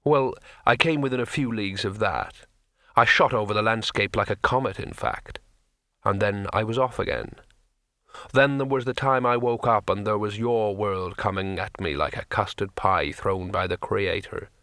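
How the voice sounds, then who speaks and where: A man voicing a huge, gentle, melancholy male troll in an audiobook, speaking slowly and heavily. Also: lowish voice, no room sound, clean studio sound. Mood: reflective. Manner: slow, weighty, sorrowful. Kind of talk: audiobook character voice.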